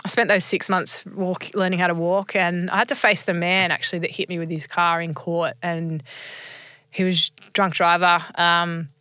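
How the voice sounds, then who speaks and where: A woman's voice: fairly low pitch, sharp tone, clear, resonant tone, no echo. A woman in her thirties, earnestly and reflectively telling her personal story as an interview guest, with frequent ums. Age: 30s.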